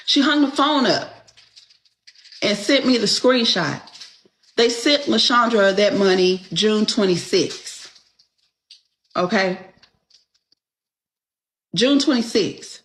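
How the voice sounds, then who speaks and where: Slow-talking, blunt storytelling woman. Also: on the high side. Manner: blunt, exasperated, swears freely. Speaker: podcast host. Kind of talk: casual storytelling chat.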